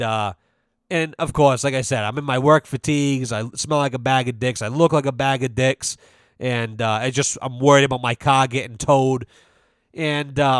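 A man's voice: mid-range voice, smooth, dry recording. A man hosting a podcast, telling a story in a casual, profane, rambling way that often restarts. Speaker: podcast host. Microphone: studio mic.

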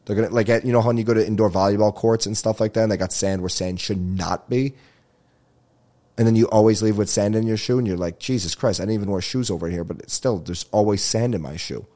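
A man's voice: on the low side, steady tone, fast talker, mellow. A male comedian hosting his own podcast, telling rambling stories with swearing and laughter. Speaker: podcast host. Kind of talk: casual comedic monologue.

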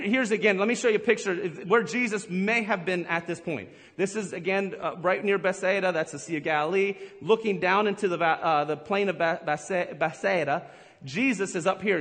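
A middle-aged man preaching a lively sermon, laughing often and acting out his stories. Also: sits high. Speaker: pastor. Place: church hall. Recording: live in a big echoey hall.

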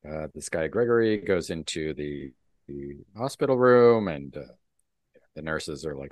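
Male podcast host, deep and animated, recaps comic plots in a dry, close sound. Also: a little slow, no echo. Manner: recaps the plot and acts out the dialogue. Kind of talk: casual comic book chat.

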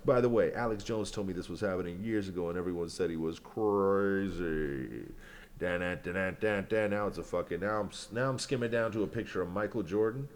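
A man's voice: sits low, a little fast, hardly any pauses. Profane rambling male podcast host. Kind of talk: casual solo commentary and freestyle rap.

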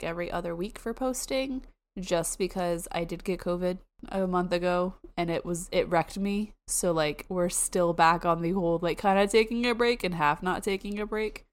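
A young woman from the United States co-hosting a podcast, chatting casually and excitedly with quick asides and frequent laughs. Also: lowish voice, clear, resonant tone. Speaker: podcast co-host. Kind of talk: casual chat.

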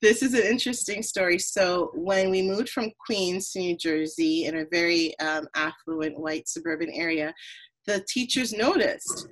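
A woman from Trinidad, hosting a podcast, telling her story in an earnest, animated casual conversation. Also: on the low side, moderate pace, poor audio. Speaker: podcast host.

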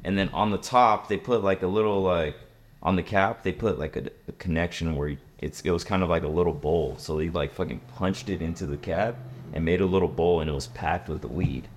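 A young man hosting a casual podcast, telling a story in a laid-back, profane and lively way. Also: deep voice, brisk. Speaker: podcast host.

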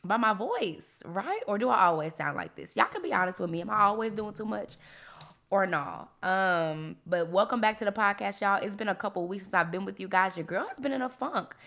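A young woman hosting a devotional podcast, chatty and animated with preacher-like emphasis and frequent laughs. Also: mid-range voice, fairly quick, gravelly. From Texas. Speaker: podcast host and faith coach. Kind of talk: casual devotional podcast talk.

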